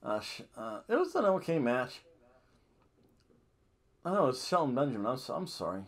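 A man's voice: medium pitch, sing-song, moderate pace. A man hosting a wrestling podcast, recapping a show in a rambling, self-correcting way with jokey asides.

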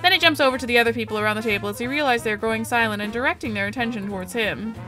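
A woman reading a visual novel aloud, expressive, voicing its narration. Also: racing, faint music behind. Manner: expressive, reads narration lower. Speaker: let's play narrator.

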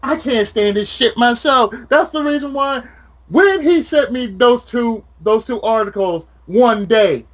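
A man's voice: extremely high pitch, a little slow. A man chatting casually with a friend, ranting with lots of swearing. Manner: profane, ranting, animated. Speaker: channel host.

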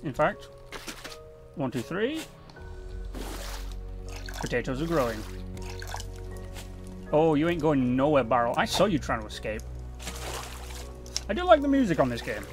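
A man's voice: on the high side, sing-song, unhurried, pauses often, over music. A young man hosting a gaming channel, chatting casually and swearing freely at the viewers and in-game creatures. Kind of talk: casual let's-play commentary.

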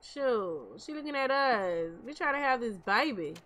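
A young woman gives relaxed game commentary into a desk microphone. Her voice sits a bit high and sounds bright, and she takes her time. She talks straight to her viewers. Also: a little slow. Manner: chatty, talks to viewers as "y'all". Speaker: gameplay commentator.

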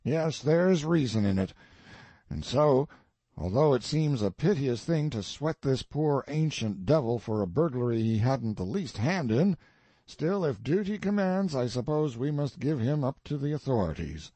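A man's voice: medium pitch, lively intonation, moderate pace, dark tone, dry recording, natural voice. A man reading the part of a grandiose, eccentric old colonel in an audiobook, declaiming solemnly and pompously. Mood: grandiloquent.

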